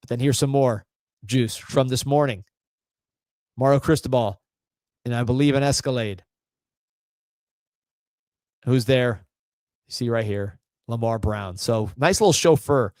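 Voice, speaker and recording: A man's voice: mid-range voice, a little slow, long pauses, darkish tone, no room sound. A man hosting a live fan sports show, talking casually and with energy, reading viewer comments aloud. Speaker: host of a fan sports livestream.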